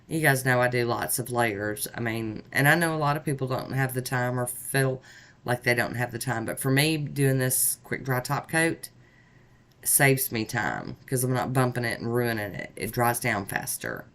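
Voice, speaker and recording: A woman's voice: very deep voice, lively intonation, moderate pace, fairly bright tone. Chatty woman narrating a nail tutorial. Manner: chatty, upbeat, talks through each step. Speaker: nail art vlogger.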